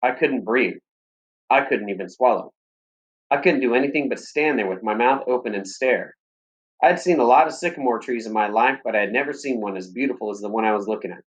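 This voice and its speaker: A man reading a story aloud in steady, plain audiobook narration. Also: medium pitch, a little fast, highs cut off.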